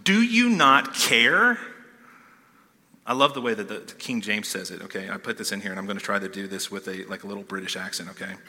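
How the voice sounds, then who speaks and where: A man preaching a sermon in a casual, animated way, often checking in with "okay?", in a church hall. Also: sits low, very fast, few pauses. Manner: conversational, animated, keeps asking "okay?". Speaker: pastor.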